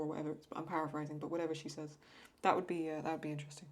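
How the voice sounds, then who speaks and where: A woman's voice: sits low, fairly even intonation, racing, hardly any pauses. A young English woman chatting casually and rambling while she draws and answers viewer questions. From England. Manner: chatty, rambling, self-talk. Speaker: host. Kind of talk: casual chat while drawing.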